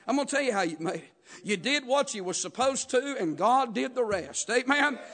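Male preacher, very high pitch, rhythmic sermon delivery with call-and-response. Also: lively intonation, normal speed. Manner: rhythmic preaching with frequent "uh" and "Amen?" call-outs, rising to shouts.

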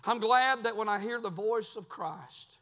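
Male pastor, very high voice, bright tone, chanting sermon cadence, hushed to shouting, church. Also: unhurried. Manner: sing-song preaching cadence, swings from hushed to shouting. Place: church sanctuary.

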